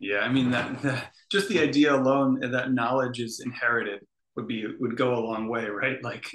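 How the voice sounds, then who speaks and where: A man's voice: mid-range voice, fairly even intonation, normal speed, a bit bright, echoey room. A man co-hosting a casual podcast, chiming in with wry jokes and practical points. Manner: wry, joking. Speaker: podcast co-host. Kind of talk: casual conversation.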